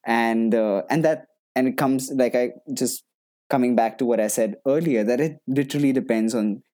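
A man's voice: medium pitch, normal speed, dark tone. A man, an actor, chatting casually and animatedly, laughing often and restarting his sentences. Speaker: actor guest. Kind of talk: casual conversation.

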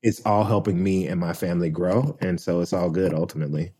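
Low-voiced reflective man, podcast guest. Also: mellow, slightly rough. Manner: thoughtful, many fillers, measured. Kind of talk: reflective conversation.

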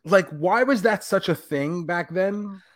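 A man co-hosting a casual podcast with a voice a little higher than most. He talks in an easygoing, reflective way and lets swear words slip in casually. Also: unhurried. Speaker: podcast co-host. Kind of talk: casual chat.

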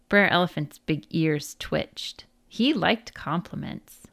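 A woman narrating a folk tale as a storybook read-aloud, with a lively, expressive delivery. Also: deep voice, takes it slowly, vocal fry, hardly any pauses.

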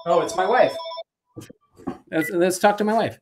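A man's voice: high-pitched, unhurried. A middle-aged man, a musician, talking as the guest in a casual interview, easygoing and full of fillers.

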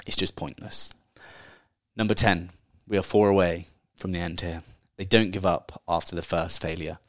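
A man's voice: low-pitched, steady tone, normal speed, no echo, clean studio sound. A man hosting a casual solo podcast, talking in a chatty, candid way and swearing offhandedly. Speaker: podcast host.

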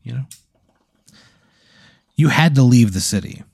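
A man's voice: mid-range voice, expressive, measured pace, creaky, darkish tone, husky, dry recording, clean studio sound. A man hosting a podcast, improvising a rambling, profane comedy story full of fillers. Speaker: podcast host.

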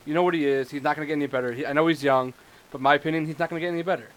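A man co-hosting a sports podcast, laying out his opinions in a measured way. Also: a little high, fairly even intonation, a bit bright, poor audio. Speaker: podcast co-host. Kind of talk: sports analysis chat.

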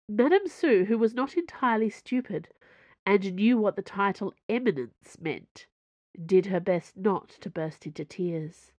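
A woman reading a story aloud in a measured, expressive storytelling manner. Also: medium pitch, dry recording. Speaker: audiobook narrator. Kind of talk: scripted narration.

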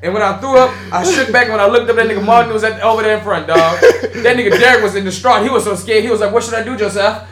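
A young man telling a story on a casual podcast, with animated swings between hushed and loud retellings. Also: sits high, fast, echoey room, music in the background. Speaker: podcast co-host.

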